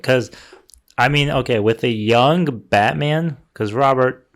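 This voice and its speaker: A man's voice: mid-range voice, a little slow. A man co-hosting a casual movie podcast, ranting with strong opinions. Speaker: podcast co-host. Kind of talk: casual chat.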